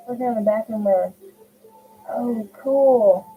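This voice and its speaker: A woman's voice: mid-range voice, normal speed. A middle-aged woman chatting casually while she crochets at home, reading viewers' comments aloud and answering them by name. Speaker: crochet livestream host. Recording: tinny phone-like audio with faint hiss.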